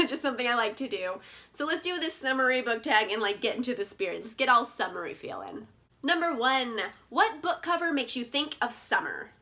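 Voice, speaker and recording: A bubbly young woman chatting about her favourite books, her voice high and bright. She gushes and peppers every sentence with "like". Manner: bubbly, gushing, lots of "like" fillers. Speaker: book vlogger. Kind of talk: casual chat.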